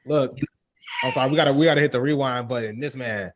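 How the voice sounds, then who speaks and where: A man's voice: mid-range voice, fast. A man hosting a podcast, teasing and mocking his co-host in casual banter.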